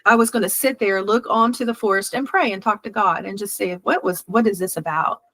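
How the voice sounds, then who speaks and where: A woman guest in a casual interview, telling a personal story with lively quoted voices and frequent laughter. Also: mid-range voice, fairly quick, no room sound. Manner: animated, laughs often, acts out quoted voices.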